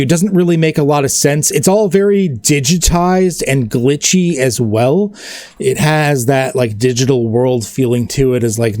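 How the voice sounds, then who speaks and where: A man's voice: medium pitch, a little mellow, no room sound, studio quality. Casual rambling man running a tabletop game. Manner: rambling, casual, many "like" fillers. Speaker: game master.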